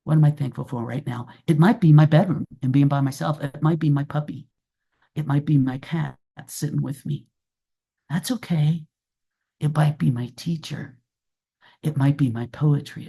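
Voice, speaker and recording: A woman's voice: extremely low pitch, gravelly, warm tone, slightly rough. A woman giving an earnest, reflective talk as a guest presenter, repeating her key phrases for emphasis. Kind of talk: webinar talk and Q&A.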